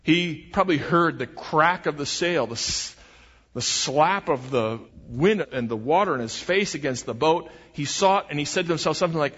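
A man's voice: fairly high pitch, lively intonation, normal speed, fairly bright tone, slightly rough. A man preaching a sermon as pastor, earnest and emphatic, often restarting his phrases. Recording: dull recording with long hall reverb.

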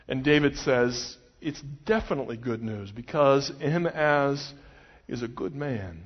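A man's voice: medium pitch, expressive, measured pace. A man preaching a sermon, retelling a story expressively and voicing the quotes of its people. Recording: muffled recording with long hall reverb.

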